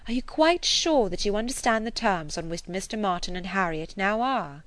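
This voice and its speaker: A woman voicing a spirited, self-assured young lady in a read-aloud novel, with a lively, teasing delivery. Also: mid-range voice, moderate pace, no room sound, lightly acted. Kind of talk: audiobook character voice.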